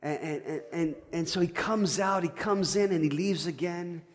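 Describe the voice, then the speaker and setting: A man preaching a sermon, telling a personal story in a conversational way, with stammered restarts and swings from loud to hushed. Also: fairly high pitch, moderate pace, big-room sound, soft background music. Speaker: pastor.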